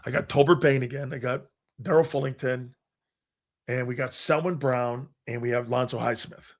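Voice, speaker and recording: An older man from Connecticut, United States, a former player who now hosts a sports show, tells rambling anecdotes casually, with frequent restarts, fillers and some swearing. His mid-range voice moves at a normal speed with fairly even intonation.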